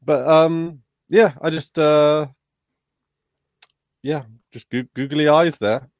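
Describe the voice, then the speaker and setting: A man's voice: on the high side, fairly even intonation, no echo. Male co-host, casual chatty delivery, dry close mic. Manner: chatty, quick asides and questions. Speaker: podcast co-host. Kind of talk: casual chat.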